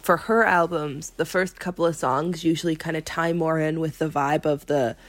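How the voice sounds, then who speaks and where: A woman co-hosting a podcast, chatting casually. Her voice sits a little low, and the sound is dry and close. She hesitates often and fills pauses with soft fillers, with a giggly looseness. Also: fairly even intonation, no echo. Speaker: podcast co-host. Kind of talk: casual chat.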